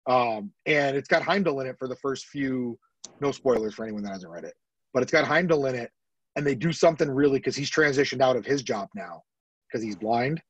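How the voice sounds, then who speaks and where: A man co-hosting a podcast, talking in excitable, jokey bursts in casual chat. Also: medium pitch, fairly quick, slightly rough, no room sound, highs cut off. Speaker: podcast co-host.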